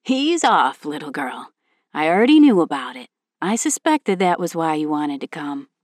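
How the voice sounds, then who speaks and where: A woman voicing a kindly rancher father in a storybook reading, talking in a slow, teasing way. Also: sits low, very animated, no echo, studio quality.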